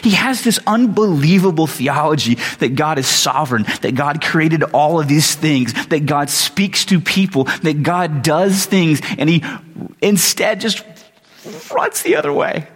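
A man's voice: fairly high pitch, unhurried, hardly any pauses. A man preaching a sermon as a pastor, conversational with joking asides. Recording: long hall reverb.

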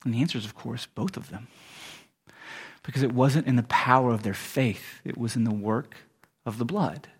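Husky-voiced man preaching conversationally. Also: mid-range voice, normal speed. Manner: conversational, self-correcting, rising to animated asides. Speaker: pastor. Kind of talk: sermon.

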